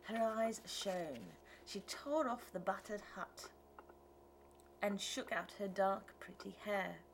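A woman's voice: medium pitch, expressive, slow, slight background noise, low-quality recording. Woman narrating an audiobook. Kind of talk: scripted narration.

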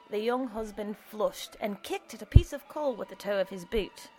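A woman narrating an audiobook in an even, measured storytelling manner. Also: mid-range voice, breathy edge, faint music behind.

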